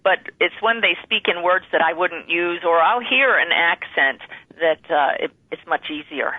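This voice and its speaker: A woman speaking as a guest medium in an interview, calm and articulate as she explains her experiences. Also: fairly low pitch, moderate pace, no echo. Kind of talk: interview conversation. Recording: tinny phone line.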